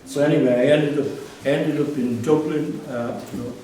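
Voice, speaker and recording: A man's voice: fairly high pitch, fairly even intonation, moderate pace, dark tone, a little hiss or hum. A man telling anecdotes about his life during a casual gallery talk, rambling with restarts and fillers. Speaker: artist and curator giving a gallery talk. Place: gallery exhibition space. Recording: echoey room from far off.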